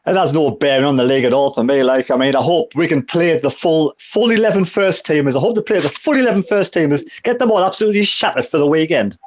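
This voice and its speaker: A man's voice: fairly high pitch, animated, fast, hardly any pauses. Blunt grumbling man in his sixties, dull line. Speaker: fan show panelist. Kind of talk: casual live fan chat.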